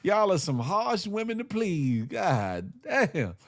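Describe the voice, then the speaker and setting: A man's voice: sits high, takes it slowly. A man hosting a morning show, riffing in casual commentary with slang, frequent laughs and sung snippets. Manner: animated, slangy, laughs often, sings snippets.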